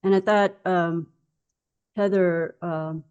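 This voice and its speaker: A woman's voice: fairly low pitch, steady tone, slow, a little mellow, clear, resonant tone, highs cut off. A woman playing a tabletop role-playing game, talking in character in an earnest, rambling way full of fillers. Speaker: player.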